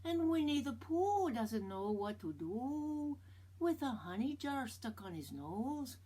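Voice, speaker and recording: A woman's voice: on the high side, sing-song, takes it slowly, dark tone, slightly rough. An older woman reading a picture book aloud to children in a playful, jokey way. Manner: playful, jokey, hammy voices. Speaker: storyteller.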